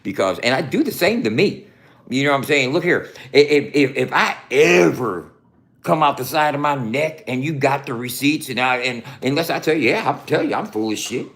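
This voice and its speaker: A man's voice: medium pitch, lively intonation, normal speed, a bit bright. A man hosting a casual livestream from his home, swearing constantly and laughing often. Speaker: livestream host. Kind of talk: profane casual livestream chat. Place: room at home.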